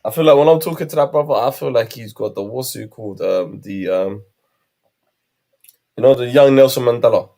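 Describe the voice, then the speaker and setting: A young man with a British accent, co-hosting a stream chat in a teasing, slangy, quick-fire way. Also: mid-range voice, dark tone. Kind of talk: casual banter on a live stream.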